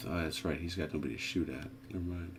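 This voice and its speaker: A man's voice: a bass voice, quick pace. A man refereeing a tabletop naval wargame in casual chat, calling out dice rolls and results. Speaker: game referee.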